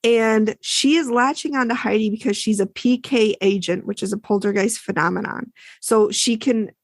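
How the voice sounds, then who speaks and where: A woman's voice: a little high, normal speed, dry recording. A woman co-hosting a podcast, casually recapping a TV episode and acting out the lines people said. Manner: chatty, retells scenes with quoted lines.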